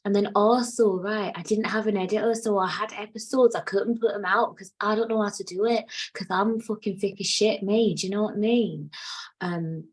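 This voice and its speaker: On a low-quality recording, a woman's slightly rough, mid-range voice holds a steady tone at normal speed. She's a podcast host in her late twenties, rambling through a candid, casual solo chat full of free swearing.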